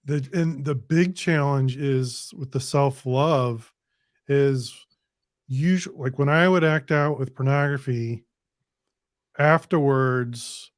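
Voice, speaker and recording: A man's voice: mid-range voice, fairly even intonation, slow pace, no echo. Casual male podcast host, dry sound. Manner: casual, conversational questioner. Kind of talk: interview conversation.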